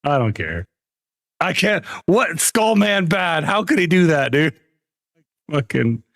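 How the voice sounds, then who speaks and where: A man's voice: fairly high pitch, sing-song, unhurried, fairly bright tone, no echo, clean studio sound. A man streaming a game live, mocking another player with crude, laughing commentary. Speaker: gaming streamer.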